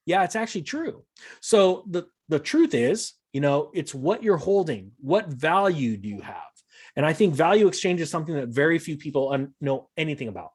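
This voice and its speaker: A man's voice: on the high side, expressive, fairly quick, husky. A man talking casually and animatedly, acting out sarcastic imagined exchanges. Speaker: guest. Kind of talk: casual chat.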